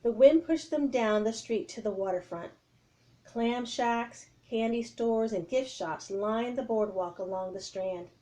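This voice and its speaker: A woman reads a children's chapter book aloud. Her voice sits a bit high and she tells the story in an expressive, lively way. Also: unhurried.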